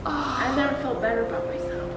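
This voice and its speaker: A woman's voice: sits high, steady tone, brisk, roomy sound, in a large hall, loud music behind the voice. A young woman, the client of a photo shoot, talking in an emotional, gushing way and laughing as she goes.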